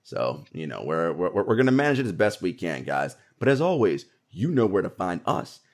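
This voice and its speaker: A man's voice: low voice, very animated, normal speed. A man co-hosting a basketball podcast in casual chat, laughing often and repeating words as he talks. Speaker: podcast co-host.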